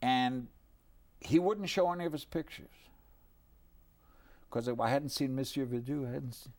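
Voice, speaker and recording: An older man telling a personal anecdote in a lively, animated way, dropping low for his asides. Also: a little slow. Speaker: storyteller. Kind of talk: anecdotal storytelling.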